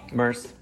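A man's voice: very high-pitched, background noise. A man baking at home, reading recipe steps aloud in a casual, hesitant, joking way. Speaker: host baking with his child. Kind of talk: casual home cooking chat. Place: home kitchen.

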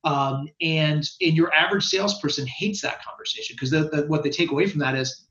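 A man talking as a guest on a podcast, explaining sales findings in an animated way, with quick bursts and frequent restarts. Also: on the high side. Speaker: guest expert on sales research. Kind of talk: casual podcast conversation. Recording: roomy, dull lo-fi sound.

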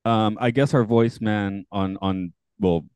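A man's voice: fairly low pitch, fairly even intonation, slow, darkish tone, smooth, no room sound. A man in his forties hosting a podcast, chatting casually, laughing often and rambling with restarts. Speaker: podcast host. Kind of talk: casual chat.

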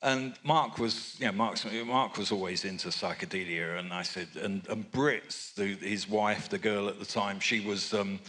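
Rambling older English man, low voice. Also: normal speed, few pauses, sharp tone, slightly rough. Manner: rambling, anecdotal, chuckling. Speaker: record producer. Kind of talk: live interview storytelling.

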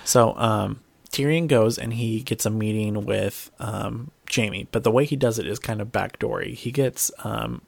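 A man's voice: on the low side, measured pace, creaky, few pauses, no room sound. A man recapping a TV episode in casual chat. He swears freely and talks animatedly. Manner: profane, animated, slips into mocking voices.

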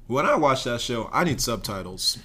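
A young man hosts a relaxed podcast chat. He talks playfully and loosely, quizzing his guest with easy humor. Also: medium pitch, normal speed. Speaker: podcast host. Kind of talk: casual chat.

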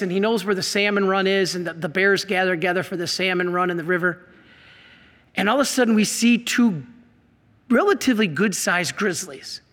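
Bright-voiced priest in a reverberant hall. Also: male voice, sits high. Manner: lively, laughs, acts out quotes, excitable. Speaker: priest giving a talk. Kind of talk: animated storytelling talk.

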